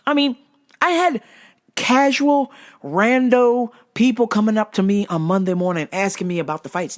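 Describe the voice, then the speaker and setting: A podcast host ranting casually about fights, swearing a lot and getting heated and excitable. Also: normal speed. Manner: wide, jumpy pitch swings when worked up. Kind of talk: casual solo rant podcast.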